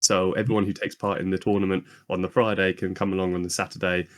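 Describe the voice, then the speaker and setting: Lower-pitched male co-host, hesitant and relaxed, podcast mic. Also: fast talker. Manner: hesitant, lots of ums and likes. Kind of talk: casual chat.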